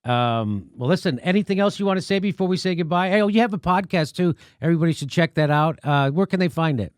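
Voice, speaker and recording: Male host, casual storyteller, curses a lot, slightly higher voice, dry studio mic. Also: animated, quick pace, smooth, dry recording. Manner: rambling storyteller, swears freely. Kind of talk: casual interview chat.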